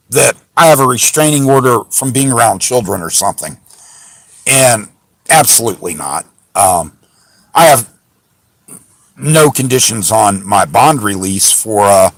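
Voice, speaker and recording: A frustrated man vents at length about a police encounter, rambling and indignant, circling back with restarts and fillers. His voice sits at an ordinary middle pitch and is recorded dry and close, with no room echo. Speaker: channel host recounting a police encounter. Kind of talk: casual rant to camera. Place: parked car.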